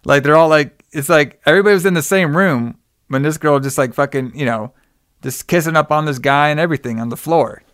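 A man's voice: a little high, fairly quick, fairly bright tone, no echo, clean studio sound. A young man casually recapping a film's plot, rambling with lots of "like" and "you know.". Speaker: podcast co-host recapping a film. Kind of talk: casual chat.

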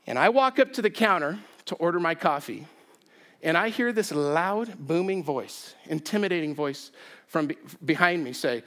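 A man preaching a sermon, telling a story with self-deprecating humor and an animated, chatty delivery. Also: high-pitched, normal speed. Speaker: pastor. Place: church sanctuary.

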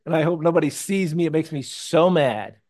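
A man preaching a sermon in a conversational, animated way, with jokey personal stories, hushed asides and sudden loud bursts. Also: a little high, moderate pace. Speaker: pastor.

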